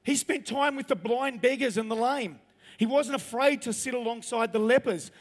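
A man's voice: extremely high pitch, normal speed. A man preaching a chatty, humorous sermon and asking his listeners questions. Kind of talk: conversational sermon. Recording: long reverb of a large hall.

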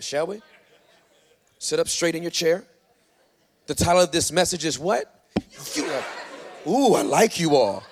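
A man preaching a sermon as pastor, emphatic and urging the audience, often repeating himself. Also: a little high. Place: church hall. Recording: echoey hall.

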